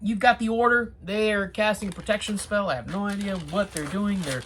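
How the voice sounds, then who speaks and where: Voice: mid-range voice, brisk, fairly bright tone, a little hiss or hum. A TV reviewer chatting casually through an episode, with sarcastic asides and rambling restarts.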